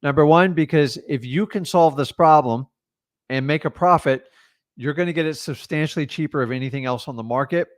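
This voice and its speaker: This real estate coach answers live questions bluntly and with energy, keeping things casual and dropping "like" and "man" throughout. He speaks briskly, with a voice on the higher side.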